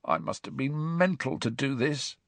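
A man voicing a nervous, miserable teenage boy who speaks in a croaky whisper. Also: very high voice, wildly swooping pitch, takes it slowly, fairly bright tone, no room sound, pitched above the performer's own voice, heavily acted. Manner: whispery, despairing.

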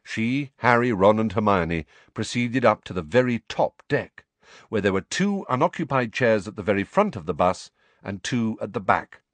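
A man reading a storybook aloud as narrator, with expressive, varied delivery. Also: lowish voice, moderate pace, no room sound. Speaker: audiobook narrator.

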